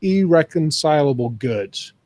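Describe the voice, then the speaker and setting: A man's voice: a little high, lively intonation, unhurried, a little mellow. A man talking casually on a podcast, thinking ideas through aloud at length. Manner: thoughtful, explains ideas at length.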